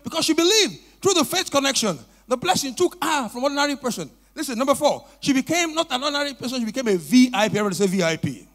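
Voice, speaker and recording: A male pastor preaches with striking animation. His voice sits very high and leaps all over the place as he spins a story and calls for responses from the congregation. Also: lively intonation, quick pace, hardly any pauses, fairly bright tone. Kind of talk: sermon. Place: church.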